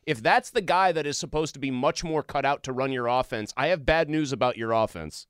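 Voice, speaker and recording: A man's voice: mid-range voice, fairly quick, fairly bright tone, smooth, no room sound, studio quality. A man co-hosting a casual sports talk show, arguing his points emphatically. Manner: emphatic, argumentative. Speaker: sports podcast co-host.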